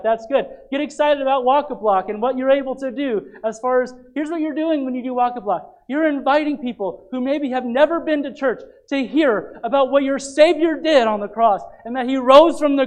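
A man preaching a sermon as pastor, urging his listeners again and again, swinging from loud calls to quiet asides. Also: very high voice, rough recording. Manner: exhorting, repetitive calls to get excited; dynamic, dropping to quiet asides.

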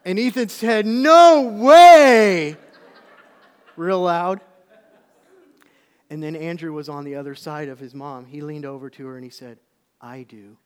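A man preaching a sermon, telling stories with lively swings between loud calls and hushed asides. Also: a little high, normal speed, clean tone. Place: church auditorium. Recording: long reverb of a large hall.

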